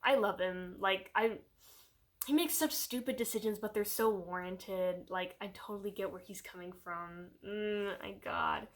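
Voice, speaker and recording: A young woman giving a casual, rambling movie review in her own channel's video, animated and full of fillers, slipping into voices when she quotes characters. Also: mid-range voice, a little slow. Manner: rambling, animated, heavy use of "like".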